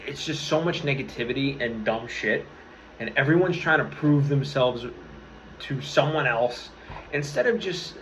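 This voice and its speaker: A man's voice: mid-range voice, a little hiss or hum. A young man in his twenties talking to camera, earnest and rambling, swearing freely and restarting his sentences. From New York area. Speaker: vlogger. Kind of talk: casual motivational talk to camera. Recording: slightly dull lo-fi audio with faint room ambience.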